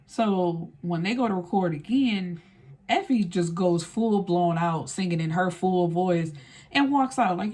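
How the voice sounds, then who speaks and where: A woman's voice: fairly low pitch, unhurried. A woman recapping a film in a casual, blunt and slangy way, swearing freely as she retells the story. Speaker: film reviewer.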